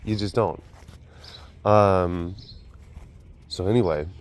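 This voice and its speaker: A man's voice: low voice, steady tone, takes it slowly. A man hosting his own vlog from an animal facility, telling stories in a rambling, chatty way full of fillers. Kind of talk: casual chat.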